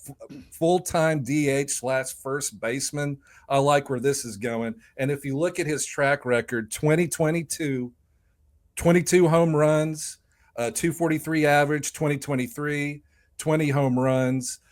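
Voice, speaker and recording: Rambling, joking man co-hosting a podcast. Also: mid-range voice. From lives in Nashville. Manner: rambling, joking, swears casually. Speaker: podcast co-host. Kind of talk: casual sports podcast chat.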